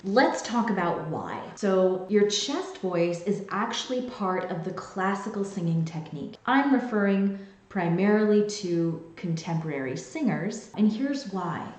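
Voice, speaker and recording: A woman vocal coach explaining singing technique in a clear, teaching manner, with sung demonstrations. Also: lowish voice. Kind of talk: singing lesson to camera. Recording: very echoey room.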